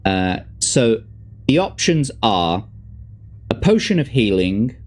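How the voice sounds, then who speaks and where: A man's voice: lowish voice, slow pace. A man hosting a show, reading a fantasy gamebook aloud to a guest and chatting casually between the passages. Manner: lively, expressive reading with relaxed asides. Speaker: host and gamebook reader.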